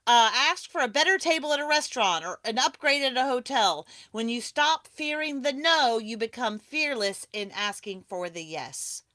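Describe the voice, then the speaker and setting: Woman, live-stream host, enthusiastic, chatty, laughs often, bright tone, dry sound, video call. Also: high-pitched, no echo. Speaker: host of a live awards broadcast. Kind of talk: casual live-stream hosting.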